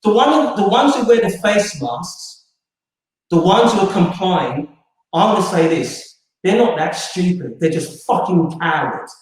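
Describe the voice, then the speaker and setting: A man's voice: high voice, expressive, a little slow. A man, a guest making an emphatic, preachy political speech. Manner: preachy, emphatic, repeats "all right?". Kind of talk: impassioned political talk. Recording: distant, very echoey room.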